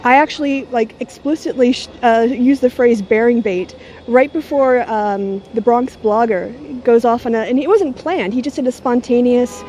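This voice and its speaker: Middle-aged woman, sardonic vlog chat, higher voice, mellow tone, handheld camera at arm's length, faint noise behind. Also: normal speed. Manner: sardonic, mocking. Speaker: YouTuber. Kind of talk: casual talking-head vlog.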